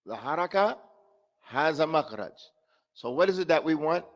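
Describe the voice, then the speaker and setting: Here the recitation teacher has a slightly high, expressive voice and talks at a normal speed. He runs pronunciation drills by repeating sounds, sprinkling Arabic terms through his live online lesson, which comes through as dull lo-fi audio.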